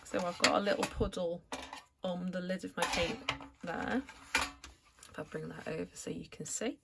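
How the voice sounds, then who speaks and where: A woman calmly explaining each step of a watercolour painting as she works, as an art tutor. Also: on the low side, normal speed, creaky, very noisy. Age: adult, returned to art after school years. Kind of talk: painting tutorial narration while working.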